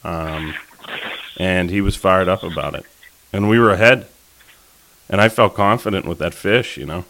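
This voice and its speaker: Deep-voiced man spinning a rambling story. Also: moderate pace, fairly bright tone. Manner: rambling, many fillers and restarts. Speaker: podcast co-host telling a fishing story. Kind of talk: casual storytelling chat.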